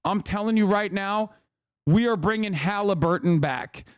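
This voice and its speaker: A man's voice: high voice, normal speed, clean tone, dry recording, clean studio sound. A man streaming casual commentary, ranting profanely with mock patriotic bravado.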